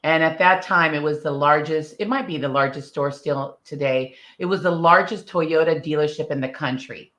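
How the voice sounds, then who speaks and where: A middle-aged woman, an interview guest, telling her story in a bold, lively way and acting out the dialogue. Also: deep voice, moderate pace, few pauses. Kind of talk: casual storytelling.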